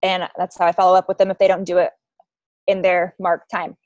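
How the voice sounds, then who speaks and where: A woman's voice: fairly low pitch, monotone, fairly quick, darkish tone, muffled recording, a little hiss or hum. A young adult woman coaching her team on a call, telling a story in a chatty way and acting out the voices she quotes. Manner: chatty, acts out quoted voices, many likes and ums.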